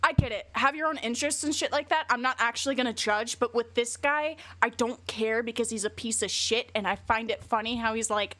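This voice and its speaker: A woman's voice: fairly high pitch, fairly even intonation, fairly quick, few pauses, pushed and bright, dry recording. A woman streamer chatting casually and bluntly, rambling and swearing a lot. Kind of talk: casual livestream chat.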